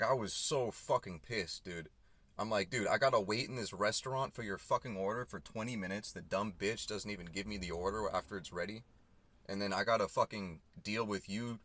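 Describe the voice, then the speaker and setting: A man's voice: lowish voice, normal speed, fairly bright tone, dry recording. A young man, a delivery driver, ranting heatedly and profanely about his shift as he drives. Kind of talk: ranting vlog while driving. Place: inside a car. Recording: noisy in-car recording. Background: car and road noise, navigation prompts.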